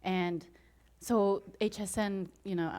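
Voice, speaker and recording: A woman giving an inspirational talk to an audience, telling her story with frequent laughter and acting out her own excited reactions. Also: medium pitch, slow. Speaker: motivational speaker.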